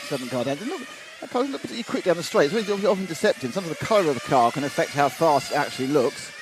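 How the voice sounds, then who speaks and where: A man's voice: a little high, big pitch swings, very fast, music in the background. A man commentating live on a radio-controlled car race, chatting casually and reading out viewer messages with asides. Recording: noisy trackside with engine sounds. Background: race car engines and ambience.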